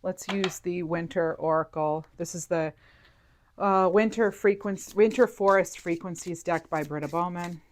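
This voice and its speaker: A woman's voice: lowish voice, moderate pace. A woman giving an intuitive tarot reading to her viewers, chatty and emotional, thinking aloud with many fillers. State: near tears at moments. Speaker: tarot reader.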